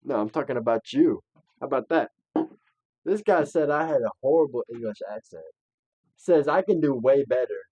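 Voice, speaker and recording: A man's voice: mid-range voice, animated, moderate pace, darkish tone, breathy edge, no echo. A man hosting a casual late-night podcast chat with friends, teasing and joking with plenty of swearing, on a microphone hung from fishing line. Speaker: podcast host. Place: room at home late at night.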